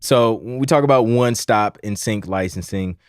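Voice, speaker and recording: A man's voice: fairly low pitch, moderate pace, no echo, clean studio sound. A man hosting a livestream, chatting casually and telling a rambling story with frequent laughs and repeated phrases. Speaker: livestream host.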